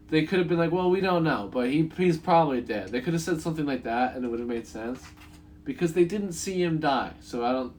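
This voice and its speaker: A man's voice: medium pitch, slight background noise. A young man reviewing a movie in casual talk, rambling, swearing freely and chuckling at his own points.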